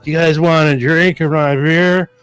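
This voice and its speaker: A man's voice: a little high, steady tone, unhurried, a bit bright, smooth, voice pushed up. A man voicing a drunk, pushy man in pony cosplay who keeps taunting people into partying with him. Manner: slurring party-boy taunting.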